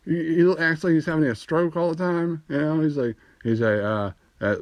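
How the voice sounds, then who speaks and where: A man's voice: a little high, measured pace, dry recording. A young man doing a rambling, profane stand-up comedy monologue and laughing at his own jokes, recorded on a phone. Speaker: amateur comedian.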